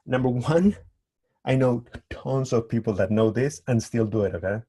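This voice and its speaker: Guy teaching tango, chatty, does funny voices for quotes, middle pitch. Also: moderate pace, slightly rough. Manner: animated, acts out quoted lines with playful voices. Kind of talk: casual advice talk.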